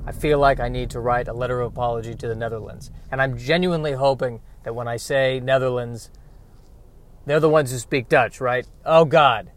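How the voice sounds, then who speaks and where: A man's voice: medium pitch, fairly even intonation, a little fast, no echo. An American man in a car, rambling in casual chat with joking, self-mocking digressions. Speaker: vlogger.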